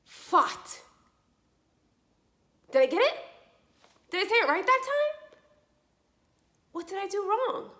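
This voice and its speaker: High, lively-voiced woman teaching slowly. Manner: slow, clearly articulated, encouraging teacher talk with lively questions. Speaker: speech therapy teacher. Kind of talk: children's speech lesson.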